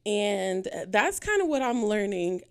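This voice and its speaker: A woman's voice: medium pitch, very animated, a little slow, smooth. A woman hosting her own podcast, now being interviewed, talking casually and candidly, nervous and a little out of breath, laughing often. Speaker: podcast host.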